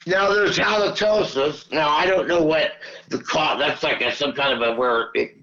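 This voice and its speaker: A rambling, profane man with a gravelly, creaky voice sits a little higher than most men. He tells casual stories with chuckles, and the sound comes through a dull, lo-fi line. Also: normal speed, sharp tone. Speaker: weekly guest caller.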